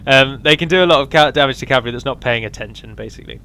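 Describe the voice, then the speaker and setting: A man's voice: mid-range voice, rapid-fire, bright, forceful tone, a little hiss or hum. A man giving a casual, rambling walkthrough of a strategy game mod, with frequent ums and restarts.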